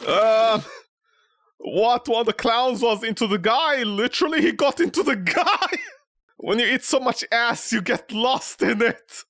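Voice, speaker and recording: High-voiced man joking through a horror game. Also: a little slow, a bit bright, no room sound. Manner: joking, rambling, mock outrage with sudden yelps. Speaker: gaming streamer. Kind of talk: comedic let's play commentary.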